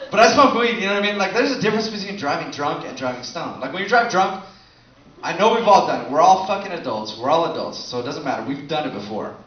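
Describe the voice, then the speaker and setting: In a bar venue, a comedian performs a loose, profane stand-up set, talking with the crowd and laughing often. His voice sits high, and the echoey, distant-mic recording sounds dull. Heavy background noise and audience laughter fill the clip.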